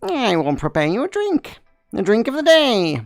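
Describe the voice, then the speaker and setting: A woman's voice: a little high, wildly swooping pitch, moderate pace, no room sound. A woman voicing a male magical cat, a mysterious wizard bartender who talks in a teasing, theatrical way.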